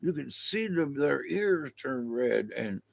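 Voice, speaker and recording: Slow, rambling male livestream host. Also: mid-range voice, sing-song, gravelly, no room sound. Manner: slow, rambling, talks to viewers in chat, laughs often. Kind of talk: casual spiritual livestream chat.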